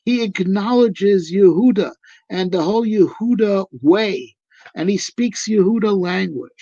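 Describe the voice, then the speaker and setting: A man's voice: fairly high pitch, dark tone, dry recording. A male rabbi giving a live, conversational discourse on Torah, emphatic and full of rhetorical questions. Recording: dull lo-fi recording.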